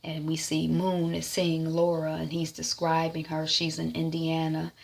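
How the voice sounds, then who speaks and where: A woman's voice: low voice, monotone, measured pace, gravelly. A woman giving a casual TV episode recap, retelling scenes loosely with lots of ums and "is like.". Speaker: TV recap vlogger.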